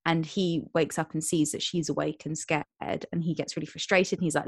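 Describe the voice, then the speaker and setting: Chatty woman podcast co-host, low dry voice. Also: steady tone, brisk, dry recording. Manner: chatty, retells plots with quoted voices. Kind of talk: casual chat.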